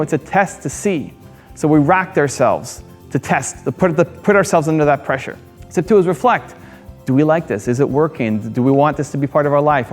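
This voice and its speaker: Male vlog host, slightly raised pitch, earnest self-help talk, repeats points, faint music bed. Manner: earnest, repetitive, asks rhetorical questions. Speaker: channel host. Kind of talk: motivational vlog monologue.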